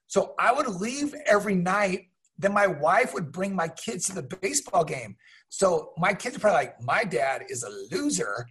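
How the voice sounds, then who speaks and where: A middle-aged man with a husky, fairly high voice tells stories in a relaxed interview. He is animated and slips into other people's voices as he goes. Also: normal speed. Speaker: guest, teacher and minor league mascot. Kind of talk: casual storytelling.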